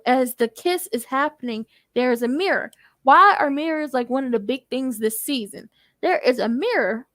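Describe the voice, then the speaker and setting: A woman giving a casual TV episode recap, sassy and animated with playful asides. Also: high-pitched, no echo. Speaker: TV recap YouTuber.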